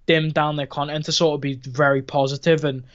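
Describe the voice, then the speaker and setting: Co-host, male, high pitch, storyteller who says "bro", muffled lo-fi line. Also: flat delivery, a little fast. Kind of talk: casual live-stream chat. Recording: dull lo-fi call audio.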